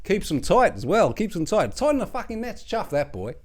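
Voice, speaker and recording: A man's voice: high voice, big pitch swings, fairly quick. A man playing a crude, gossipy middle-aged Australian bloke who rambles and swears in a comic monologue. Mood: rambling. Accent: Australian (put on). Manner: rambling, swearing, colloquial banter, mocking impressions. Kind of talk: comedic character monologue.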